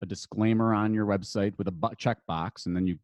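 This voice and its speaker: A man's voice: on the low side, fairly even intonation, brisk, a little mellow, no room sound. A man, an attorney and marketer guesting on a podcast, explaining rules in a loose conversational way with many fillers and restarts.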